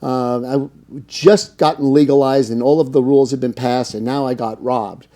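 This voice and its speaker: A middle-aged American man who owns a cannabis business tells long anecdotes as an interview guest, rambling casually, using many fillers and acting out quoted dialogue. His voice is warm and medium-pitched, steady in tone and moderate in pace.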